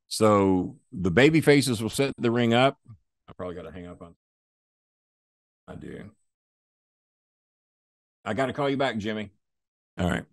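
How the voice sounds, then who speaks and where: A man with a low-pitched voice tells a long story in a relaxed interview, cursing freely and jumping into the voices of the people he quotes. The sound is dry and close, with little room behind it. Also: unhurried, pauses often, no room sound. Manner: profane, animated, acts out quoted voices. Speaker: guest storyteller.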